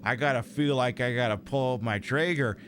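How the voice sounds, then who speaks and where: Streamer doing a put-on Canadian, folksy rambler, slow lower drawl over noisy ambience. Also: male voice, natural voice.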